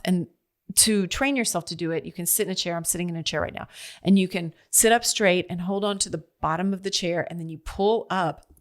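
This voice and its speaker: A middle-aged woman hosting her own podcast, talking in a chatty, expressive way and laughing at herself as she goes. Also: on the low side. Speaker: podcast host. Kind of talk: casual solo monologue. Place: seated at home recording.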